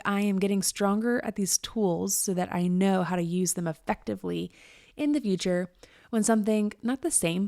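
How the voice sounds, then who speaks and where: A woman's voice: mid-range voice, gravelly, mellow, no echo, clean studio sound. A woman in her thirties hosting her podcast, talking candidly in a chatty, emphatic way and laughing often. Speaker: podcast host. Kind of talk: candid casual monologue.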